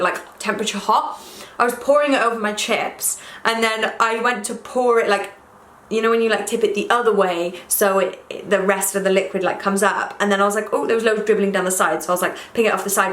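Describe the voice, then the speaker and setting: A woman's voice: mid-range voice, fast talker, fairly bright tone. Chatty young woman, roomy echo. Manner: rambling and chatty, self-deprecating. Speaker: beauty vlogger. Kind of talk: casual chat while doing makeup. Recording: echoey room.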